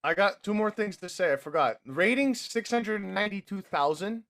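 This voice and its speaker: A man's voice: high-pitched, normal speed, fairly bright tone. A young man co-hosting a casual wrestling podcast, joking around and swearing freely. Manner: joking, swears freely, talks over others. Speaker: podcast co-host.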